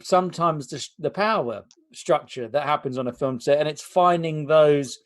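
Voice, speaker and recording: A man hosting a podcast, musing in a halting way as he searches for words. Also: fairly high pitch. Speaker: podcast host. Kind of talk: casual podcast conversation.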